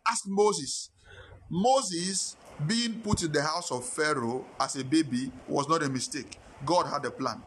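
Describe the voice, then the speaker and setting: A man's voice: a little high, measured pace, fairly bright tone, a little hiss or hum. A male pastor, preaching a sermon with impassioned rhetorical questions.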